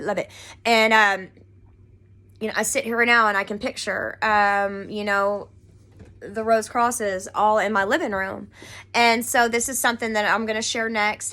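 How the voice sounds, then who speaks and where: Woman vlogger, slightly high voice, earnest rambling talk to a home camera, lots of ums. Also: bright, forceful tone. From Pasadena, Texas, USA. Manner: rambling, many fillers, earnest and emotional. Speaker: occult vlogger. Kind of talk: casual rambling monologue to camera. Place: living room at home. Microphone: camera mic.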